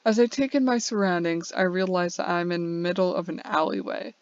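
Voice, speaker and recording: A woman's voice: lowish voice, fairly quick, dry recording. A woman earnestly reading her own first-person short story aloud, with small slips and restarts. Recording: dull, dry lo-fi home recording.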